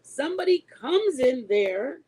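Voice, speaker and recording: A woman in her forties, a mother, telling a story to her online viewers in a casual, animated way. She is emphatic and laughs often as she talks. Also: sits high, measured pace, rough recording. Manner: animated and emphatic, insisting she is not lying.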